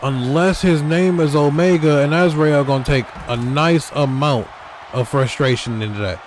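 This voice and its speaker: A man giving excitable, trash-talking play-by-play commentary over a wrestling video game, talking straight to the wrestlers. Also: fairly high pitch, moderate pace, a little hiss or hum.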